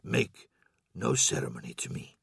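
A man voicing a fatherly supreme male war lord who speaks softly and slowly. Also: fairly low pitch, sing-song, gravelly, slightly rough, no echo, clean studio sound, exaggerated voice. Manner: soft, slow and measured.

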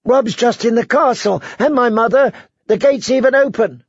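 A man's voice: very high voice, normal speed, breathy edge, no room sound, highs cut off, voice pushed up, full character voice. A man voicing a desperate, stubborn young girl with a thin, scared voice in a storybook reading.

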